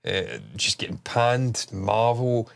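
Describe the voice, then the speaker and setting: A man's voice: mid-range voice, slow, vocal fry. Brief: male host, blocked nose, loose rambling delivery, casual swearing. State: stuffed-up nose. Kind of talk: casual chat stream.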